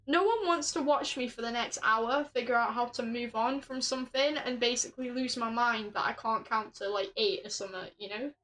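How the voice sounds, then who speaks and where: A woman's voice: a little high, a little fast, few pauses, a little hiss or hum, rough recording. A young woman streaming a puzzle game, reading game text aloud and swearing in frustration. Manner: swears a lot, exasperated, bursts into loud laughing rants. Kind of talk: casual live game commentary.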